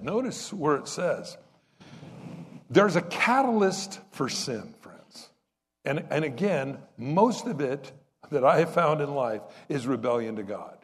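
Male pastor, sermon delivery, talks to the congregation with rhetorical questions, fairly high and very animated pitch, long hall reverb. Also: slow.

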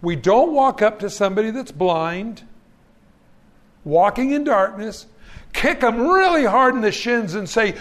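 High-voiced preacher giving a sermon. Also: male voice, lively intonation, unhurried, a bit bright. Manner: emphatic, folksy, addresses listeners as friends. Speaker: pastor.

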